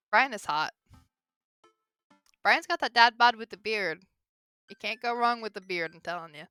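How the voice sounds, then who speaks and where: A woman's voice: fairly high pitch, animated, normal speed, long pauses, pushed and bright, clear, resonant tone, dry recording, faint music behind. A young woman casually commentating a game stream, chatty and giggly, reading dialogue aloud. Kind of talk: casual let's-play commentary.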